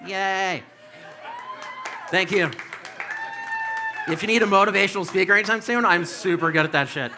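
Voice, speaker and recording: A man's voice: high-pitched, moderate pace, pauses often, crowd noise, background noise. Rambling man in his fifties doing stand-up. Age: 50s. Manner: loose rambling delivery with frequent fillers and swearing. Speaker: stand-up comedian. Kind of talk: stand-up comedy set. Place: comedy club stage.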